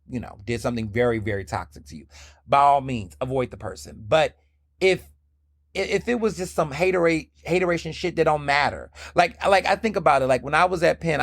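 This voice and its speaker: A man's voice: mid-range voice, creaky, fairly bright tone, no echo, clean studio sound. A man in his thirties from the American South, hosting a casual solo podcast. He talks candidly and with energy, and slips into playful voices when he quotes people. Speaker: podcast host.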